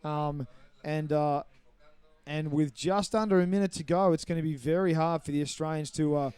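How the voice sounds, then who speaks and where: Male play-by-play commentator, warm and smooth, slightly high voice, brisk explanatory calls. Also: fairly even intonation, no room sound. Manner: brisk, explanatory, apologetic over names. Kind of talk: live sports commentary.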